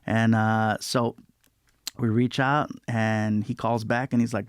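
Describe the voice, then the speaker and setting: A man's voice: fairly low pitch, slow, smooth, no room sound, studio quality. A man, a comedian guest, telling a story in casual chat and acting out the other people's lines in put-on voices. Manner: animated, acts out quotes in put-on voices.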